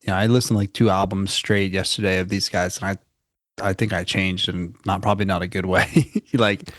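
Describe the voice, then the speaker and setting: A man co-hosting a casual music podcast, talking in loose, halting phrases packed with "like". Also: low voice, flat delivery, a bit bright, dry recording, clean studio sound. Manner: loose, halting, says "like" often. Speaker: podcast co-host.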